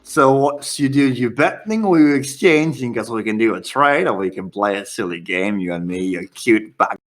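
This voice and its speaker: A man's voice: fairly low pitch, lively intonation, normal speed, pitched below the performer's own voice, close to an everyday voice. A man playing a sly, flirtatious gambling-table dealer who talks in a smarmy, teasing way.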